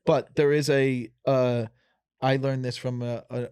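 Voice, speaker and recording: A man in his thirties hosts a dating podcast in a relaxed, joking way. His voice sits at a middle pitch. The sound is close and dry, with no room echo. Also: unhurried, smooth. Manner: teasing, flirtatious, reads texts aloud. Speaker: podcast host. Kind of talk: casual chat.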